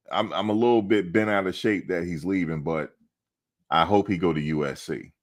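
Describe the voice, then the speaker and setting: A man's voice: deep voice, moderate pace. A male host of a football fan show, chatting casually in a playful, joking, slangy way and repeating himself for emphasis.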